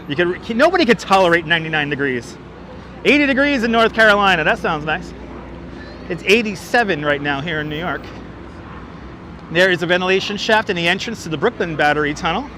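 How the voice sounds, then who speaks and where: A man's voice: sits high, animated, brisk, pauses often, pushed and bright, slight background noise. A man hosting a walking livestream outdoors, chatting and joking as he reads viewers' comments aloud on a clip-on mic. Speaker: livestream host. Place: outdoors on a city waterfront street. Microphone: wireless clip-on mic.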